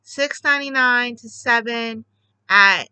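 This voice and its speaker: A woman chatting casually at home about her newest craft supplies, gushing excitedly and rambling with restarts. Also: on the high side, takes it slowly, clean tone, no echo, poor audio. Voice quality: bubbly, chatty. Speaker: craft vlogger. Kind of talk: casual chat.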